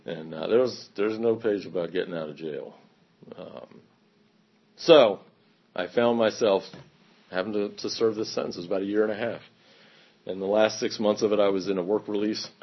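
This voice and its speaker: A man candidly telling his own recovery story in a conversational testimony, pausing often. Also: fairly low pitch, fairly even intonation, slightly rough, dull audio. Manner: candid, conversational, many fillers and pauses. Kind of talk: personal testimony talk.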